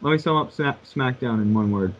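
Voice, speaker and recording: A man's voice: medium pitch, brisk. A man on a podcast, throwing in short wry comments in casual chat. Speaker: podcast co-host. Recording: dull lo-fi mic.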